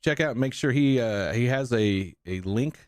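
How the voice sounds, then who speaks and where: A man hosts a live-streamed podcast at an ordinary mid pitch. He halts often and fills gaps with "uh". The recording is dry. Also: normal speed, dry recording. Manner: hesitant, many fillers. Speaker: podcast host.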